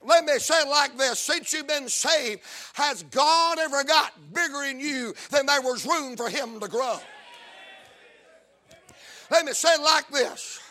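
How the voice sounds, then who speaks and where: A man with a South Carolina accent preaching a revival sermon, chanting, shouting and whooping, repeating his lines in rhythm. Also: extremely high pitch, a little slow.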